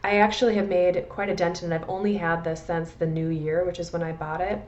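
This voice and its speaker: Chatty Midwestern woman, low and muffled. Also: level tone, a little fast, darkish tone. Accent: American Midwestern. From Midwest USA. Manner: chatty, rambling, self-deprecating, frequent restarts. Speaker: perfume vlogger. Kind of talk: casual chatty review.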